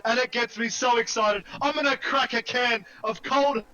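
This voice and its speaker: A man commentating a sim racing qualifying session live, excitable and jokey, shouting over the big moments. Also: extremely high pitch, moderate pace, highs cut off.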